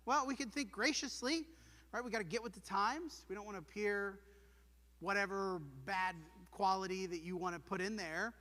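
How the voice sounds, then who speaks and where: A man's voice: high voice, normal speed, sharp tone. A man preaching a sermon in a church, earnest and emphatic, posing rhetorical questions to his congregation. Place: church sanctuary. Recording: long hall reverb.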